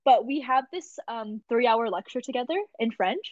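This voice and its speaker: A woman's voice: a little high, normal speed, no echo. Young adult female host, casual storyteller, lo-fi dry mic. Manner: animated, laughs often, lots of "like" fillers. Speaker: podcast host. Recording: dull lo-fi dry recording.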